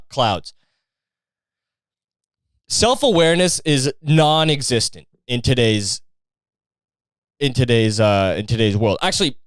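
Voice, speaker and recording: A young Canadian man hosting a podcast, ranting casually with lots of profanity and an animated, rambling delivery, recorded outdoors on a street. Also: a little high, no echo. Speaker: podcast host. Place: outdoors in a street after a match.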